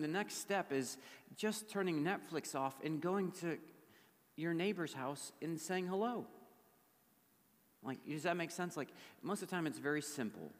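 A male pastor with a slightly hoarse voice, preaching a conversational sermon to his gathering and asking them questions. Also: a little high, fairly bright tone. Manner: conversational, asks the audience questions. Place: church gathering hall. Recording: long reverb of a large hall.

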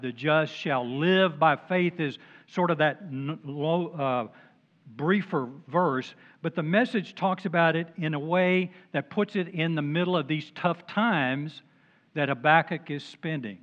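A man's voice: on the high side, a little slow, a bit bright. Older male pastor, dull lo-fi recording. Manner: conversational, with joking asides. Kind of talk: sermon.

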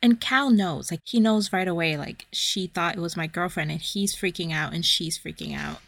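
A woman's voice: on the low side, moderate pace, vocal fry, fairly bright tone, no echo. A woman co-hosting a podcast, chatting casually about a book, swearing and acting out quotes. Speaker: podcast co-host.

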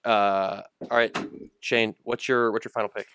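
A man's voice: fairly low pitch, little pitch movement, normal speed, a bit bright, smooth, no room sound. A man hosting a casual gaming podcast, rambling with lots of fillers and restarts as he talks through his picks. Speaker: podcast host.

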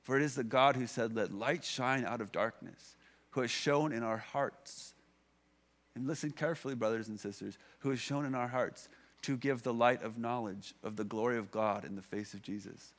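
A man's voice: medium pitch, normal speed, fairly bright tone. A man in his thirties, a pastor, giving a conversational sermon with many fillers and restarts.

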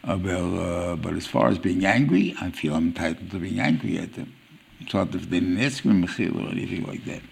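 A man giving an informal Torah lecture as a rabbi, halting and restarting as he searches for words. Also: low voice, vocal fry, husky. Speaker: rabbi teaching a weekly Torah class.

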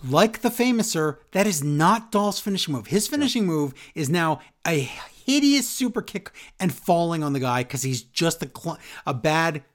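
A man's voice: fairly high pitch, big pitch swings, moderate pace, hardly any pauses. A man co-hosting a podcast, ranting sarcastically in a casual wrestling recap. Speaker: podcast co-host.

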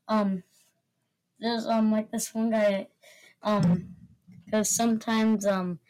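A woman's voice: mid-range voice, fairly even intonation, takes it slowly, a little mellow, poor audio. A young girl, the host's child, telling a family story with lots of fillers and giggles.

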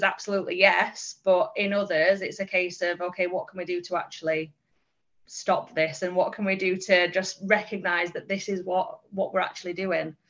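Woman, guest trainer, candid reflective chat, mid-pitched voice, dull podcast sound. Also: fairly bright tone. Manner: candid and reflective, frequent small laughs. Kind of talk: casual podcast conversation.

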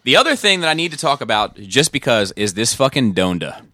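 A man co-hosting a casual chat, telling an animated story and swearing casually. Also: medium pitch, fast talker. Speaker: podcast co-host.

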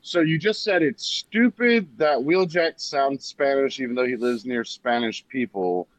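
A man's voice: mid-range voice, unhurried, no echo. A man co-hosting a podcast, arguing points and telling stories in casual chat. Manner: argumentative, animated storyteller. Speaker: podcast co-host.

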